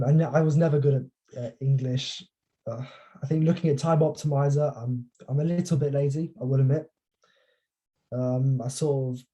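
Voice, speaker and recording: Candid young man with a very dark voice. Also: medium pitch. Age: young adult. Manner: candid, self-deprecating, halting. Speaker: student. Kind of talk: coaching session.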